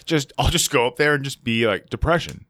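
A man's voice: mid-range voice, fairly quick, fairly bright tone, dry recording. A man in casual podcast chat, joking around and swearing, slipping into put-on voices. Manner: jokey, puts on voices for bits, swears.

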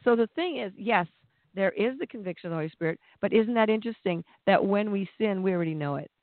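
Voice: mid-range voice, animated, fast, dry recording. A preacher giving a conversational sermon, plain-spoken, with restarts and acted-out voices. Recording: tinny phone-like dry sound.

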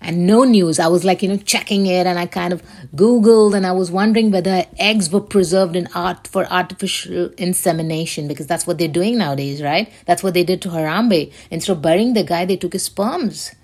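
A woman's voice: lowish voice, fairly quick, darkish tone. A woman hosting her own show, talking in a rambling, emphatic way with plenty of swearing. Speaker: show host. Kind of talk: casual solo commentary.

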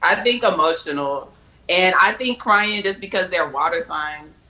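Woman podcast guest with a tense, bright voice; chatty and opinionated. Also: lowish voice, low-quality recording. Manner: chatty and opinionated, quick to explain her views. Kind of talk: casual chat.

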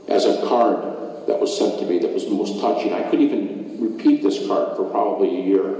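A man earnestly recounting a personal loss in halting, reflective testimony, with frequent restarts. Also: lowish voice, mellow, slight background noise. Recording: echoey hall picked up from far off.

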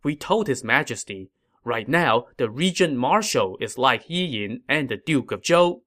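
A man reading a nervous, flattering court official. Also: mid-range voice, unhurried. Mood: deferential. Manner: careful, deferential.

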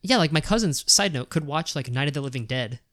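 A man's voice: a little high, expressive, quick pace, fairly bright tone, no echo, clean studio sound. A man co-hosting a podcast, chatting casually about films and rambling with many fillers. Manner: rambling, full of "like" and "um", laughs often. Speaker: podcast co-host.

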